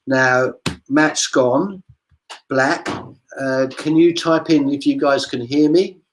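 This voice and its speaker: This man speaks slowly at a medium pitch with a steady tone, over a rough recording. A street performer, he chats digressively about his career during a casual interview on a video call.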